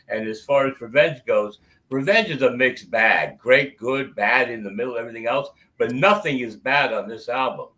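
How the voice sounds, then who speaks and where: Bright, emphatic man on a music chat. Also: mid-range voice, rough recording. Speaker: podcast co-host. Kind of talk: casual album ranking chat.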